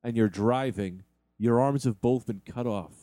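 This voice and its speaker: A man narrating and directing an improvised comedy sketch, with a deadpan, bossy and easily exasperated manner. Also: medium pitch, measured pace, no room sound.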